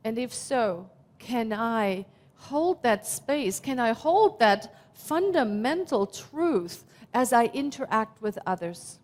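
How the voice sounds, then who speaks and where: German-accented woman minister in her fifties, fairly high voice, slow heartfelt sermon delivery, long reverb. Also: sing-song, darkish tone. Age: 50s.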